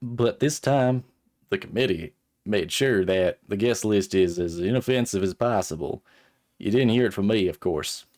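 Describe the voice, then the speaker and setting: A man voicing a bored, gossipy Southern American gentleman at a formal party, with a put-on Southern drawl. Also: lowish voice, normal speed, natural voice. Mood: confiding. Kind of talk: reading game dialogue aloud in a voice.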